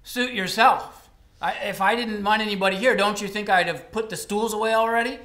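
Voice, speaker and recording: A man playing a blunt, gruff old country shopkeeper who speaks loudly and deadpan, told live on a college stage in a roomy hall. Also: sits high, a little fast. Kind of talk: live comic storytelling.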